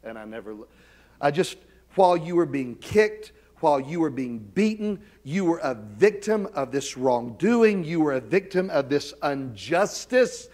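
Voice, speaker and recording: A middle-aged man preaching a sermon as pastor, with self-deprecating humor, dropping to quiet asides and rising to loud, emphatic calls. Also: medium pitch, animated, measured pace.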